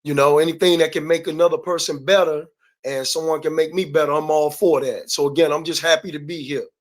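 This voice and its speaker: A man from D.C. who is a guest on a casual talk show, speaking earnestly in a slightly high voice. He measures his words and often stops on an "um.". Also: steady tone. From Washington, D.C. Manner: earnest, measured, with many "um" pauses.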